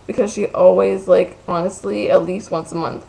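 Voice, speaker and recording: A woman's voice: lowish voice, fairly even intonation, moderate pace, gravelly, dark tone, poor audio. A woman vlogging from her bedroom, telling a gossipy, profane story full of "like" in a casual ranting way.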